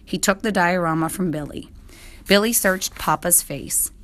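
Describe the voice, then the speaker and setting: A woman reading a children's story aloud in a steady, clear manner. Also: lowish voice, normal speed. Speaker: narrator.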